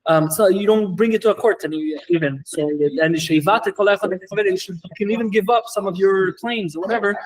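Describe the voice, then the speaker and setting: A man teaching a Torah class as a rabbi, talking quickly with many fillers and restarts and mixing in Hebrew and Yiddish terms. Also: high voice, poor audio. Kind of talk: lecture.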